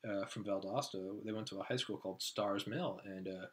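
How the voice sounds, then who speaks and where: A man's voice: fairly low pitch, steady tone, moderate pace. A young man co-hosting a casual podcast, rambling through anecdotes and acting out what his friends said. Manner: rambling storyteller who acts out friends' lines. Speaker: podcast co-host. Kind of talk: casual chat.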